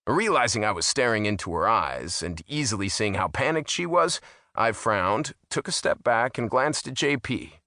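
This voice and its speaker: A man's voice: on the low side, lively intonation, moderate pace, sharp tone, no echo. A man narrating a first-person audiobook in a wry, amused manner on a close studio mic.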